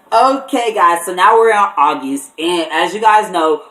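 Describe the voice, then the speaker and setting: Brief: young male vlogger, chatty and animated, voice bouncing around an echoey room from a distance. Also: high voice, takes it slowly, slight background noise. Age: young adult. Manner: animated, full of "like" and restarts. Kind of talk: casual storytime.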